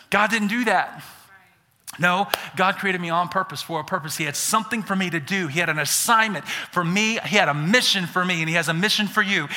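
A male pastor from Alabama with a Southern accent, preaching an energetic sermon that builds to shouts on key points. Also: sits high, a little fast. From Birmingham, Alabama.

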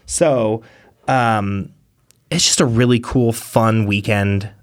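A man's voice: lowish voice, slow, no room sound, studio quality. A man co-hosting a podcast in casual chat, talking with eager enthusiasm and rambling, with plenty of "you know" fillers. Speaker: podcast co-host.

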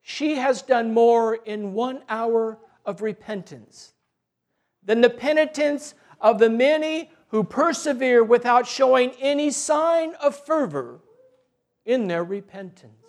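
A solemn voice from heaven delivers its judgment, as a storyteller speaks it. The delivery is grave and declamatory, high in pitch, and very slow. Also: male voice, darkish tone, heavily acted.

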